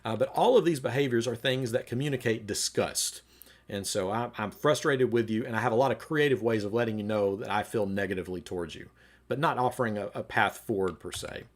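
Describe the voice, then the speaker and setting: A man teaching a relationships class at church in a relaxed, conversational way, reading viewer comments and acting out short argument examples. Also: fairly low pitch, a little fast. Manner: conversational, acts out quoted arguments. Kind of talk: livestreamed teaching talk.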